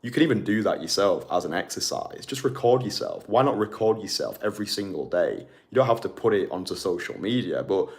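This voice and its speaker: Low-voiced male dating coach, punchy and repetitive, speaking straight to camera. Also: lively intonation, fairly quick, hardly any pauses. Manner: emphatic, repeats key phrases. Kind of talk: motivational talk to camera. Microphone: phone or camera mic.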